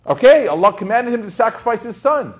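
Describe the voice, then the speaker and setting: A man's voice: very high voice, sing-song, fairly quick, breathy edge. A young man giving a casual, joking lecture on Islamic teachings to a class, asking the students questions.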